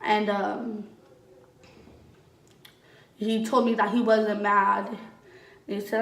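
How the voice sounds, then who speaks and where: Young female vlogger, casual rambling storyteller who swears often, mid-pitched, roomy, slightly distant sound. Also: flat delivery, drawn-out words, vocal fry, pauses often, a bit bright. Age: young adult. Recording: roomy echo, voice a bit off-mic.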